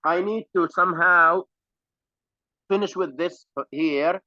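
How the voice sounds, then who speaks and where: A man teaching an English grammar class online, slow on examples and rapid in his explanations. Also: sits high, sharp tone, no room sound, dull audio.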